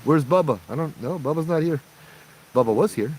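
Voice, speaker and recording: A man's voice: a little high, expressive, fairly quick, darkish tone, slight background noise, low-quality recording. A young man with a Hawaiian accent, hosting a casual night-time livestream outdoors and chatting jokingly while reading out viewer comments. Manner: jokey, chatty, reads out chat comments. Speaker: livestream host.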